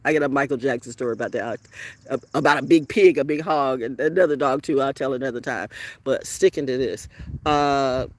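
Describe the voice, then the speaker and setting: A woman vlogger tells a story in an unscripted rant full of profanity, speaking a little fast. She swings between loud outbursts and hushed, low talk.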